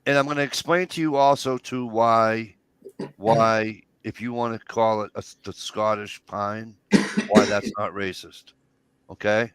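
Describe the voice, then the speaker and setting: A man's voice: fairly low pitch, steady tone, a little slow, a bit bright, clear, resonant tone, no echo. A man co-hosting a casual livestream chat, explaining his point in a rambling way with many restarts. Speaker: co-host.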